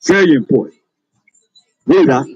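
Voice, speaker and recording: A man's voice: mid-range voice, lively intonation, normal speed, darkish tone, slightly rough, no echo, lo-fi sound, soft background music. A man preaching on the street, calling out to passers-by with emphatic, laughing delivery. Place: outdoors on a street.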